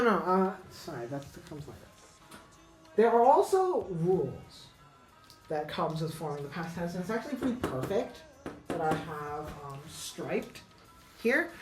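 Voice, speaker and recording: A woman teaching an unscripted grammar lesson, halting and correcting herself, with many fillers. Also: fairly low pitch. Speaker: English teacher. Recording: echoey room with faint music.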